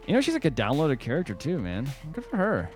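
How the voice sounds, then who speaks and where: A man's voice: fairly high pitch, huge pitch swings, fast, over music. A man hosting a casual podcast chat, joking around with crude humor. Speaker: podcast host.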